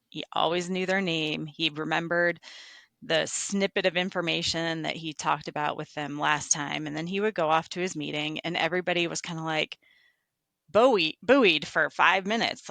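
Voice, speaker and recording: Bright, gravelly woman telling stories. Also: low voice, dry recording. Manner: reflective, animated storytelling. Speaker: podcast guest, construction estimator. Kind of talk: casual conversational interview.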